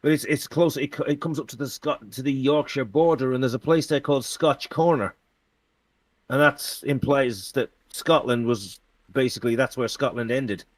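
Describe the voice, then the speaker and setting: A man's voice: mid-range voice, moderate pace, no room sound. A man with a Geordie accent in casual podcast chat, explaining things with frequent restarts. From Tyneside, England. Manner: explanatory, agreeable, stammering restarts.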